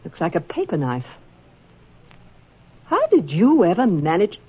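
A woman's voice: fairly low pitch, huge pitch swings, a little slow, breathy edge, heavily acted. A sneering, spiteful rival woman. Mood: taunting. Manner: sneering, mocking. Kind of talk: 1940s radio acting. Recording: tinny old radio broadcast.

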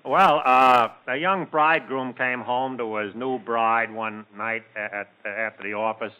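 Male panelist, slow low-key joke teller, tinny 1940s radio. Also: fairly even intonation, clear, resonant tone. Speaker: comedy panelist.

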